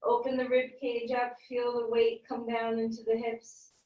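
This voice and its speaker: A woman leading a guided yoga class, giving calm, gentle, encouraging cues. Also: a little high, normal speed, dull audio. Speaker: yoga teacher. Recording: echoey room, voice from a distance.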